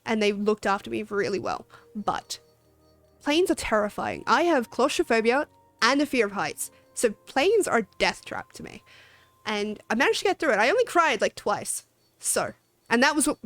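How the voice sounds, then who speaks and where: A woman's voice: a little high, very animated, normal speed, no echo, soft background music. A young Australian woman streaming a game, rambling chattily, laughing often and swearing casually. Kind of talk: casual gaming stream chat.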